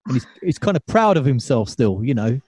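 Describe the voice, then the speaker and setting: A man's voice: mid-range voice, very animated, fairly quick, a little mellow, breathy edge, dry recording. A man hosting a podcast, chatting casually and chiming in with easy agreement. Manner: easygoing, chimes in with agreement. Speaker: podcast host.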